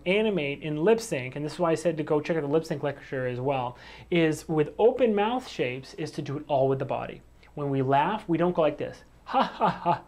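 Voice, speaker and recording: A man's voice: a little high, darkish tone. A man teaching animation in a video lesson, standing in a room and talking to the camera, with frequent restarts and fillers, and yawning and short of breath. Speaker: animation instructor.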